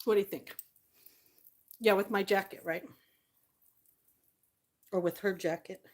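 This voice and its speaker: A woman's voice: mid-range voice, steady tone, unhurried, darkish tone. A woman vlogger chatting casually to the camera, tearful at times and laughing often between lines.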